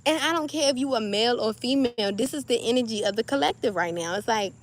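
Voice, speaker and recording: A woman with a slightly high voice talks straight to her viewers in a loose, animated spiritual pep talk. Her comes through clearly, and she acts out little scenes with a playful laugh. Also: quick pace, a little hiss or hum. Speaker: spiritual vlogger.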